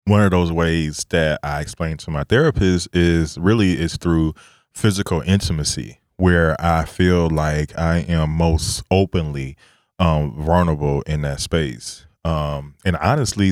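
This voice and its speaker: A man hosting a casual podcast chat, talking in a relaxed, reflective way with many pauses and fillers. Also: sits low, no room sound, clean studio sound. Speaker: podcast host.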